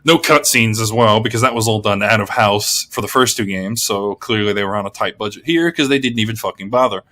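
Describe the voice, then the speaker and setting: A man's voice: on the low side, a little fast, bright, forceful tone. An Australian man rants in a casual, blunt way, swearing a lot and rambling with frequent restarts. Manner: heavy swearing, blunt and exasperated. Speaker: gaming video creator. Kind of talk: casual game review rant.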